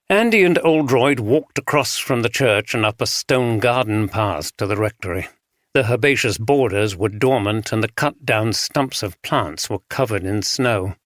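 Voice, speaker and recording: A man reading a mystery audiobook in a measured, scripted narration. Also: mid-range voice, expressive, a bit bright, no echo, studio quality.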